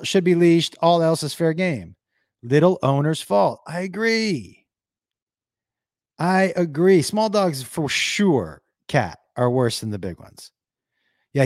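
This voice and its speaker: Animated, profane man ranting on a livestream. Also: on the high side, dry recording, clean studio sound. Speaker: live streamer reading viewer comments. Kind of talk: casual livestream chat.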